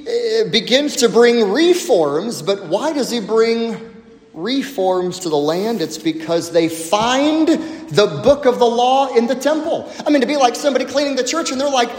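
A pastor preaches to his congregation, a man with a high voice that swings widely in pitch. He takes his time, pausing for emphasis and sinking to a quiet hush on key words. His voice rings through a large hall with a long, echoing reverb. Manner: emphatic preaching with slow dramatic pauses and dropping to a low hush. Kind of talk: sermon. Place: church sanctuary.

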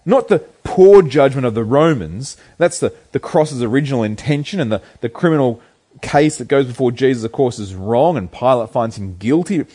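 A man's voice: medium pitch, lively intonation, moderate pace, dark tone. A man preaching an earnest, emphatic sermon, asking his listeners rhetorical questions.

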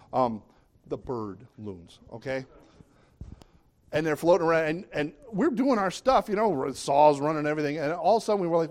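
Conversational male preacher, fairly high voice. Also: darkish tone. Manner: conversational, asks the audience questions. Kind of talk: sermon.

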